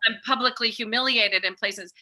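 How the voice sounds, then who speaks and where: A middle-aged woman speaking as a podcast guest, talking in a lively, animated way and acting out bits of dialogue. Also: a little high, normal speed. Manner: animated, acts out remembered dialogue. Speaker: guest, author and peace educator. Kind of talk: casual podcast conversation.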